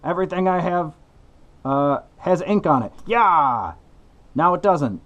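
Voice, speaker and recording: A young man chats through his woodworking vlog in a goofy, excitable way and now and then breaks into a shout. His voice sits a little high. It swings up and down a lot. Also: a little slow, muffled recording. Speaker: woodworking channel host. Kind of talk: casual workshop vlog.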